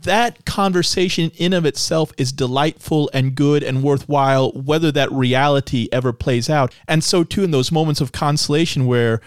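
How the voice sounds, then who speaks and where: A man hosting a casual faith discussion, earnest and self-deprecating, getting animated when he quotes his own thoughts. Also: fairly high pitch, normal speed, hardly any pauses, clean tone, no room sound, studio quality. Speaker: podcast host.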